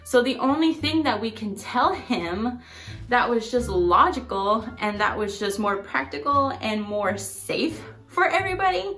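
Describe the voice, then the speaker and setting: Chatty woman telling a story, rather high voice. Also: lively intonation, measured pace, fairly bright tone, soft background music. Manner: chatty, rambling, filler-heavy. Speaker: vlogger. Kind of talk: casual storytelling.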